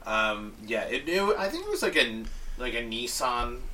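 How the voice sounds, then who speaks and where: A man co-hosting a podcast in a bright voice, heard a little away from the mic. He rambles and rants crudely, riffing for laughs over faint background noise. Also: medium pitch, very animated, normal speed, distant mic, rough recording. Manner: rambling, crude, ranting jokes. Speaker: podcast co-host. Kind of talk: casual chat.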